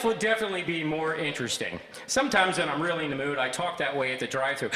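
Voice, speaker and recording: A man in his sixties giving a humorous stage talk, breaking into a booming fake DJ voice for the jokes. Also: lively intonation, fast, few pauses, sharp tone. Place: large hall with audience. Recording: echoey hall with long reverb.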